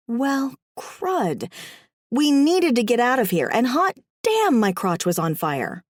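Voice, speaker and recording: A woman narrating a first-person audiobook in a wry, comic, expressive way. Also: mid-range voice, no echo, studio quality.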